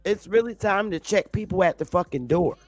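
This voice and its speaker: This commentary vlogger speaks briskly at a medium pitch, delivering an off-the-cuff opinion rant that is defiant and combative. She's blunt, curses a lot and hammers her points by repeating them; there's no room sound, just soft music underneath.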